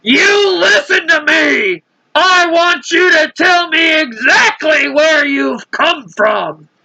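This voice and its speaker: A woman's voice: high voice, sing-song, takes it slowly, gravelly, no room sound, voice pushed up, heavily acted, poor audio. A woman voicing a blustering male chief of police in a storybook, barking orders. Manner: bossy, shouting orders.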